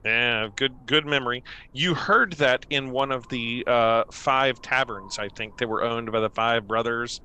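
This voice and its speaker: A man's voice: medium pitch, measured pace, hardly any pauses, sharp tone, smooth. A man narrating a tabletop game as game master, meandering with many fillers.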